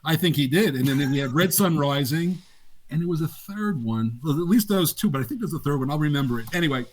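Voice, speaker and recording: A man's voice: fairly high pitch, fast talker, slight background noise. An older man, a game designer, casually telling laughing anecdotes in an interview. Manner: animated, laughing anecdotes with acted quotes.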